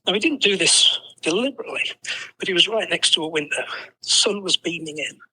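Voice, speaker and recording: A man's voice: high voice, lively intonation, a little fast, bright, forceful tone, a little hiss or hum, low-quality recording. An English man in his sixties, a podcast guest telling a story with self-deprecating humour and lots of "you know". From England. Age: 60s. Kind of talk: storytelling in conversation.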